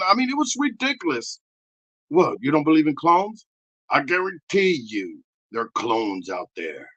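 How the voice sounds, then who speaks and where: A man doing a rambling, crude improvised comedy rant, excitable and prone to sudden shouting. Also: mid-range voice, lo-fi sound.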